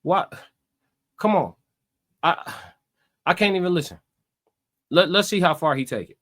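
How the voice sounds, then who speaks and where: A high-pitched young man comments on a podcast clip with loud, mocking energy. He leans hard on slang and breaks into laughter as he talks. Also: animated, a little slow. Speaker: reaction commentator.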